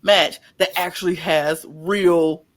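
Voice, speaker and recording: A man's voice: on the high side, fairly even intonation, slow pace, fairly bright tone. A man co-hosting a podcast, recapping wrestling in casual chat with rambling, playfully sarcastic storytelling. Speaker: podcast co-host.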